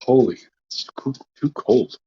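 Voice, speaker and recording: A man's voice: mid-range voice, lively intonation, a little slow, breathy edge, lo-fi sound. A Canadian man co-hosting a casual live chat, joking and laughing often as he talks. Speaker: co-host of a live chat stream.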